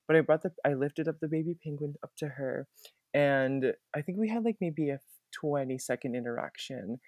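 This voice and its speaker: A young man who is a podcast guest, telling his stories in an earnest, animated and grateful way. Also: a little high, normal speed, dry recording, studio quality. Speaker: guest, former theme park puppeteer. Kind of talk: conversational podcast interview.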